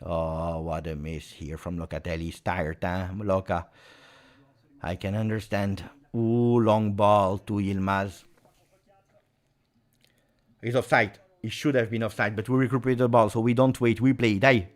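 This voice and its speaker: A man hosting a live football watch-along, reacting to the match as it unfolds, swinging from low muttering to loud shouting. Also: steady tone, normal speed.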